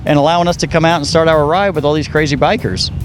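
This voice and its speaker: A man's voice: fairly high pitch, fairly even intonation, fast, soft background music. A man hosting a motorcycle ride, chatting and joking with a restaurant owner outdoors. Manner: chatty, joking, repeats words. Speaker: host of a motorcycle ride event. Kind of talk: casual interview. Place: outdoors at a biker gathering.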